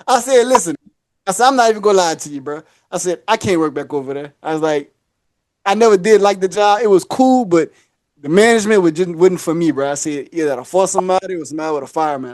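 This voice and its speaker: Recorded in studio quality with no room sound, a man with a higher voice hosts a podcast. He launches into a long, casual tale, animatedly performing other people's voices and laughing often along the way.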